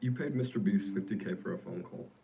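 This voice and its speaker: A man interviewing a guest in a casual podcast, asking quick, curious questions. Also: low-pitched, vocal fry, background noise.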